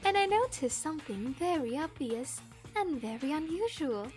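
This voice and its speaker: A woman voicing a calm, composed teenage girl gambler in a soft, light, measured voice. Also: sits high, faint music behind.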